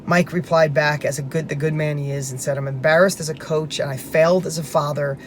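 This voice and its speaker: A man's voice: a little high, fairly even intonation, fairly quick, a little hiss or hum. A man hosting a motivational talk, telling a personal story earnestly and emphatically, restarting his sentences now and then. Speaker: host.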